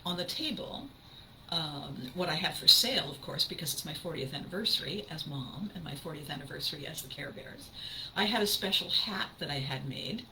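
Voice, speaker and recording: Older woman, podcast host, enthusiastic, emphatic, crisp bright voice. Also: deep voice, animated, brisk, a little hiss or hum, poor audio. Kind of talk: casual monologue.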